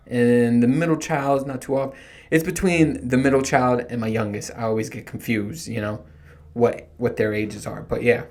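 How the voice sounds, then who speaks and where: A man in his thirties talks through a loose solo podcast at a mid-range pitch. He rambles and swears freely, and he pokes fun at himself as he goes. His delivery is casual and unscripted. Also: a little mellow. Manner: rambling, profane, self-mocking. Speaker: podcast host. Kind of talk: casual comedic monologue.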